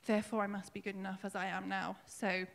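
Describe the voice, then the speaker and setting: A woman giving a personal testimony at her own baptism in church, emotional and tearful, halting with fillers as she speaks. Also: medium pitch, little pitch movement, vocal fry, fairly bright tone. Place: church hall. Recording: long hall reverb.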